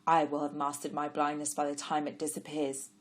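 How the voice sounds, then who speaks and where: A woman reads the part of a blind young Levite man in a storybook tale, earnest and eager. His voice is soft-toned yet pressing, full of hopeful questions. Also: low voice, completely flat delivery, a little fast, natural voice. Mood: musing.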